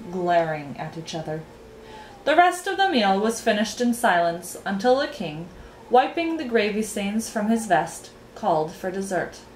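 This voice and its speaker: A woman reading a storybook aloud as narrator, with an expressive delivery. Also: medium pitch, a little hiss or hum. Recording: roomy echo.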